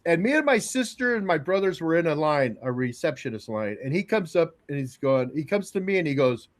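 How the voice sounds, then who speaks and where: Middle-aged man, rambling storyteller, lively swooping pitch, slightly high voice, halting with fillers. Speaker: regular co-host, "the old man". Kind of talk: casual podcast storytelling.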